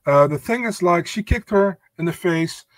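A man's voice: high-pitched, expressive, normal speed, no room sound. Laid-back male co-host, dry close sound. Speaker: podcast co-host. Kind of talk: casual podcast chat.

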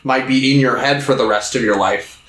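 Brief: male podcast co-host, lively, slips into high squeaky impressions, roomy sound. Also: a little fast. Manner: animated, acts out quotes in high voices. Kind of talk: casual film discussion. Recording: roomy echo.

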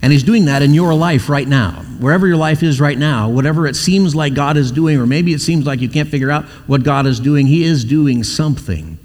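A man's voice: fairly high pitch, a little fast, few pauses, darkish tone. Man preaching in a reverberant church hall. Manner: storytelling, acting out quoted voices. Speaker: pastor. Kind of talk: sermon.

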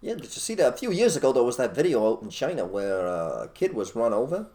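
A man co-hosting an opinionated casual chat, blunt and animated, repeating his phrases for emphasis. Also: mid-range voice, fast. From United States. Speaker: co-host.

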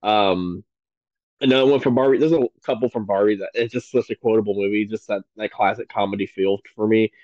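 Lower-voiced man, rambling movie-fan chat. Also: steady tone, fairly quick, darkish tone, no room sound, highs cut off. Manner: enthusiastic, rambling with many fillers. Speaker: podcast guest. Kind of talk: casual podcast chat.

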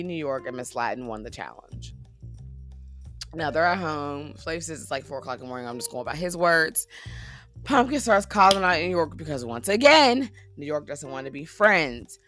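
Woman, sassy casual recap, low voice, animated delivery. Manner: chatty, sassy, laughs often. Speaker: reality TV recap host.

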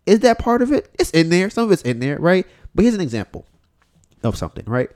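A man's voice: high-pitched, big pitch swings, fast, darkish tone. A man hosting a casual podcast, talking bluntly with plenty of swearing and often acting out what other people said. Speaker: podcast host.

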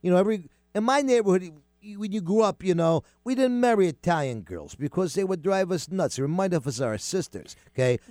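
A man's voice: brisk, few pauses, no echo, studio quality. A man with a New York accent hosting a talk show in casual, rambling chat. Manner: animated, rambling, loud jumps in pitch.

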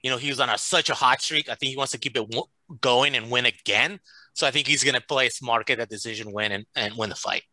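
A man giving confident, quick fight predictions in a casual chat. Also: medium pitch, sharp tone, no room sound. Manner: confident, quick, says "you know" a lot. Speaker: podcast co-host, called Coach. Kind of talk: casual MMA picks chat.

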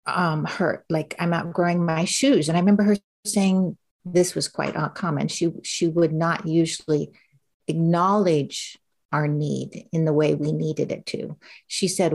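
A woman's voice: low voice, measured pace, creaky. A middle-aged woman telling her story as an interview guest in a candid, conversational way, acting out the voices she quotes. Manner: animated, acts out quoted voices.

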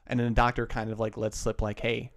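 A man's voice: fairly low pitch, monotone, quick pace. A man co-hosting a casual chat, retelling a story loosely with lots of "like" and restarts.

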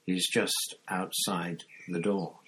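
A man voicing a gruff, blunt male auror with a growling voice. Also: low voice, little pitch movement, a bit bright, exaggerated voice. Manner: blunt, slow.

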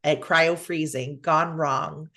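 A woman with a very low voice, chatting casually and summarizing at length. She goes back and forth with small fillers and restarts. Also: steady tone, takes it slowly, fairly bright tone. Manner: attentive listener, rambling summaries. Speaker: podcast co-host. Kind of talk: casual chat.

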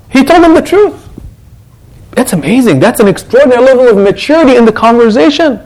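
A man's voice: very high-pitched, fairly quick, poor audio. A man, an imam, giving a conversational Quran reflection to his congregation and acting out what others say. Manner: animated, conversational, acts out quotes.

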